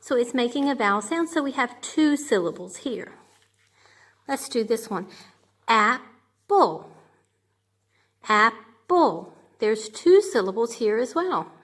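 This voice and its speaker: A woman's voice: fairly high pitch, expressive, moderate pace. A woman teaching a grade two class remotely, patiently sounding out words and checking in with "okay?". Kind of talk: remote lesson for young children.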